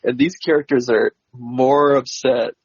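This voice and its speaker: Male co-host, husky, rambling, laughs often; dry, muffled podcast audio. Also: mid-range voice, steady tone, measured pace, dry recording. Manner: rambling, laughs between points. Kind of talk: casual film discussion.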